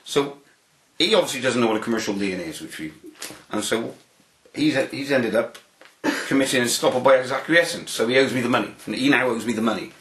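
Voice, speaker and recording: Man, mid-pitched, rambling storyteller in a roomy, echoey space, full of restarts and asides. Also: fairly quick, fairly bright tone. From United Kingdom. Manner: repeats himself, many restarts and fillers. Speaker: interview guest.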